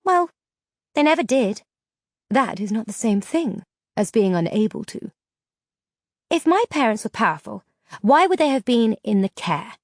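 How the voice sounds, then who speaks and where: A woman's voice: fairly high pitch, sing-song, measured pace, long pauses, no echo, studio quality, exaggerated voice. A woman voicing a fierce young heroine. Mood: questioning. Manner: heated, pleading outbursts.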